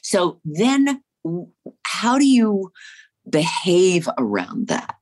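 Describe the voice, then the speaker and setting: A middle-aged actress with a slight New Jersey accent, talking warmly and effusively as an interview guest, rambling and restarting her sentences. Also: fairly low pitch, huge pitch swings, slow pace. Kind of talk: casual interview chat.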